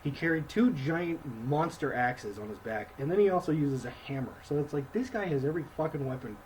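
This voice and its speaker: A man co-hosting a casual film review chat, rambling and swearing, acting out scenes in quick mock voices. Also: a little high, expressive, a little mellow, a little hiss or hum, low-quality recording.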